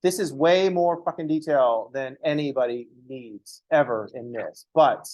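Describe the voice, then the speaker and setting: A man's voice: mid-range voice, measured pace, darkish tone, poor audio. A man teaching a math class in a loose, profane, conversational way, acting out little dialogues between students and teachers. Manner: casual, profane, acts out dialogues. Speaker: math instructor. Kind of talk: informal lecture.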